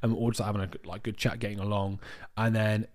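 A man from the UK co-hosting a podcast, telling a travel story in a rambling, animated way with lots of restarts. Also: lowish voice, fast talker. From United Kingdom. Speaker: podcast co-host. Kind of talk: casual storytelling chat.

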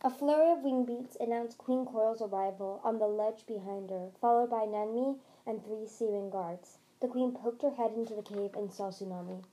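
Podcast book reader, woman; mellow, higher-pitched narration. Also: moderate pace, hardly any pauses, rough recording. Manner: steady reading with small slips and restarts. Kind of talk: reading a novel aloud.

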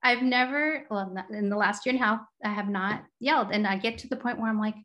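A woman's voice: mid-range voice, fast, a bit bright, muffled recording. A woman in a casual conversation who talks freely and laughs between phrases.

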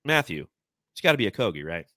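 A man's voice: fairly low pitch, sing-song, fast talker, sharp tone, no echo, studio quality. A man hosting a casual sports podcast, reading out fan comments and laughing often. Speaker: podcast host.

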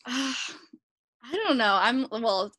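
A woman's voice: on the high side, animated, slow pace, sharp tone, no room sound. A young woman in her twenties from Alberta with a Canadian accent, chatting casually as an interview guest and laughing often. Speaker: guest, former college hockey player.

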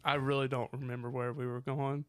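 A man's voice: mid-range voice, little pitch movement, fairly quick, clean tone. A man co-hosting a podcast, joking and swearing in casual chat. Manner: profane, joking, rambling. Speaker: podcast co-host.

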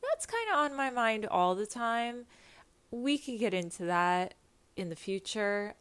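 A woman's voice: on the high side, very animated, a little slow, fairly bright tone, clear, resonant tone. A woman with a stuffy nose after nasal surgery, hosting a podcast on a makeshift backup mic in a candid, profane, rambling chat. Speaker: podcast host. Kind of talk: casual chat.

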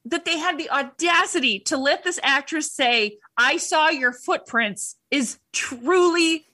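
A woman's voice: sits high, unhurried, pushed and bright. A woman co-hosting a casual comedic movie chat, incredulous and sarcastic as she riffs. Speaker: podcast co-host.

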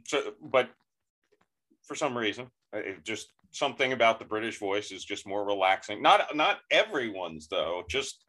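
An American man hosting a podcast, chatting casually in a halting way with many restarts. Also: lowish voice, sing-song, sharp tone. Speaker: podcast host. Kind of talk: casual chat.

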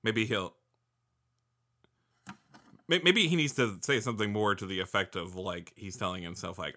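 A man playing a tabletop game, chatting casually and thinking out loud, full of fillers. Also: lowish voice, moderate pace, long pauses. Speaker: player.

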